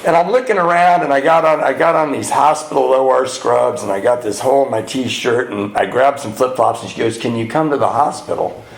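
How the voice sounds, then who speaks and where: Middle-aged guy from california telling a recovery story at a retreat, gravelly voice, jokes at himself, roomy echo. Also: brisk, few pauses. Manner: animated and self-mocking, jumps into high voices for comic bits. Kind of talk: storytelling talk to a live audience. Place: retreat hall. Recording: echoey room.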